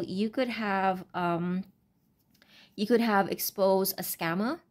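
A woman giving a casual, unscripted tarot reading, talking in a halting, rambling way with many fillers and restarts. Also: mid-range voice, a little mellow. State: brain fog, stuttering. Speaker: tarot reader.

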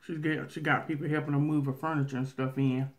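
A woman with a Southern country drawl, telling a story casually as a vlogger while eating on camera, talking loudly and laughing loud. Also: low voice, flat delivery, fast.

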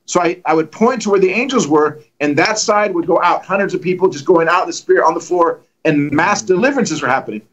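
A man telling lively stories as a guest evangelist on a livestream, acting out the quotes and joking. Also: high-pitched, quick pace, few pauses, dull audio. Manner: animated, acts out quotes, joking. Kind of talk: storytelling in a livestream conversation.

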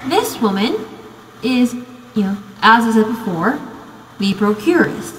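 This young adult student from the United States rambles through a casual video essay, filling it with "you know" and "um." Her voice sits fairly high, with lively intonation and a moderate pace. Long reverb from an echoey room and a slight hiss or hum color the audio.

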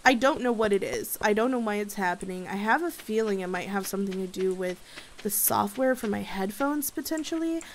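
A young woman casually commentating her gameplay, bubbly and excitable and chatting to her viewers. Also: medium pitch, a little fast, slight background noise. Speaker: gaming video host.

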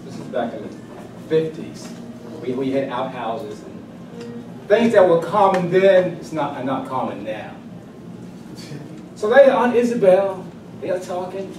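Man, 60s, humorous storyteller, high voice, slow emphatic delivery, distant mic, noisy background. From South Carolina, US. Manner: lively, drawn-out storytelling with emphatic buildups. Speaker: club speaker. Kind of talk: humorous personal storytelling speech. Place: club meeting room. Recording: echoey room, distant mic, background noise.

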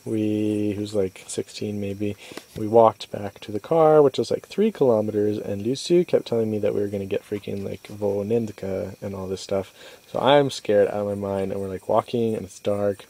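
A man's voice: fairly low pitch, normal speed, mellow. A young man vlogging at night from a stalled vehicle, telling his travel story in a chatty, exasperated way full of "like" and acted-out quotes. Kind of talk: casual video diary storytelling. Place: inside a stalled vehicle at night by a rural road.

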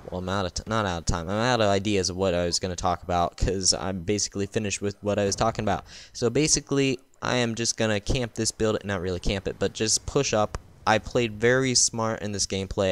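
A tired American gaming channel host rambles through casual voice-over commentary on his gameplay, tripping over his words with lots of ums and restarts. His voice is on the low side and sounds smooth and clean.

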